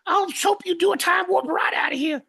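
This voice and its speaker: A woman doing a shrill, taunting voice. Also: a little fast, fairly bright tone.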